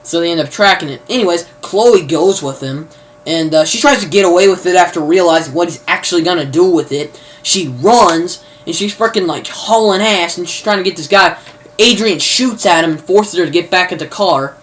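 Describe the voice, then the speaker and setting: A man's voice: high voice, fairly quick, a bit bright. A man giving a casual, rambling plot recap, full of fillers and mild cursing. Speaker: video reviewer.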